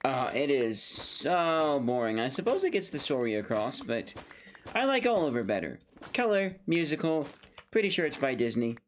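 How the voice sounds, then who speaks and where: A man's voice: mid-range voice, sing-song, moderate pace, a little hiss or hum. A young man giving casual, rambling commentary while playing a game, talking playfully to himself and to the game. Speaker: gaming video creator.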